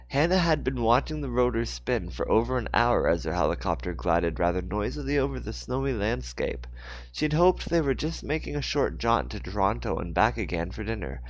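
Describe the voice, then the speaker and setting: A man's voice: lowish voice, vocal fry, dry recording. A man reading his own book aloud in a casual way, breaking off for rambling, jokey asides.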